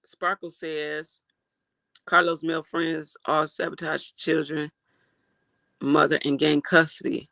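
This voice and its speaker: An outraged livestream host reacts to a case and reads chat aloud, cursing freely. The voice is gravelly with a sharp, bright edge. It is recorded dry and close. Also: medium pitch, slow, dry recording. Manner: animated, outraged, swears freely.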